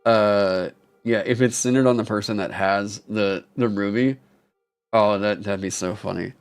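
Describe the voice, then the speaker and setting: A young man on a live stream who reads game material aloud haltingly with many ums, then breaks into excited, swearing asides. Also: lowish voice, clear, resonant tone, soft background music. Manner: swears casually. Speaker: streamer critiquing game designs. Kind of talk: casual live-stream critique.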